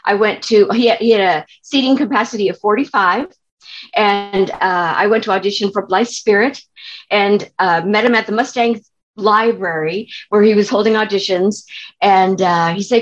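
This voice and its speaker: A woman's voice: medium pitch, moderate pace, dull audio. A woman from California, a theater director and actress, telling stories in a chatty way with many restarts and fillers. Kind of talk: interview storytelling.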